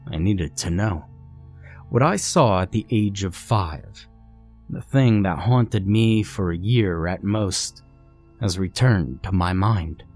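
A man narrating a scary story in a measured, dramatic storytelling way. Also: sits low, darkish tone. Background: faint music.

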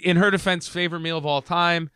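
A man co-hosting a podcast in casual chat, telling a story in an animated way. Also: on the high side, a little fast, smooth, no echo, clean studio sound. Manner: animated storyteller, acts out voices in his tale. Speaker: podcast co-host.

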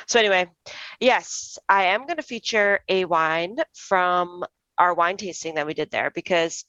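A woman's voice: on the low side, measured pace, pushed and bright, dry recording, lo-fi sound. A young woman co-hosting a podcast, chatting casually and recommending a wine with lots of fillers. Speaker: podcast co-host.

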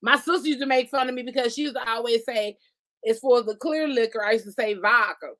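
High-pitched southern woman, loud and profane, cracking up with friends, dry close sound. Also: fast talker, no room sound. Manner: boisterous, profane, laughing. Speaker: friend in group chat. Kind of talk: loud casual banter.

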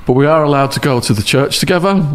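A man's voice: on the high side, fast talker, a loud crowd. A man animatedly telling a story as a podcast guest, laughing often. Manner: animated storyteller, lots of laughing and acted quotes. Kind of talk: casual storytelling.

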